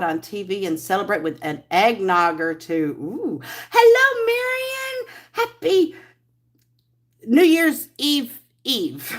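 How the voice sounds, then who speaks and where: A middle-aged woman hosting a casual live stream, chatty and rambling as she greets viewers by name. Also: a little high. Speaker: livestream host.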